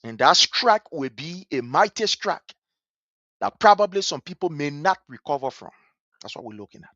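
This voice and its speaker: Liberian guy ranting about politics, pitch all over the place, dry muffled stream audio. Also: very animated, moderate pace, a bit bright, no echo. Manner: scornful and emphatic, repeats phrases for effect. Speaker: political commentator. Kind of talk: impassioned political commentary.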